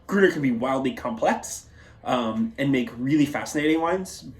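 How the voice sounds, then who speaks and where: A man's voice: medium pitch, animated, normal speed. A man hosting a casual wine tasting in a wine bar, chatty and loose with lots of fillers and asides.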